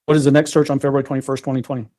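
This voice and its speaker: A man questions a witness in court, speaking very fast in a mellow, dark voice with little rise and fall. His questions are formal and procedural, and he repeats the same wording from one question to the next. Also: mid-range voice, level tone.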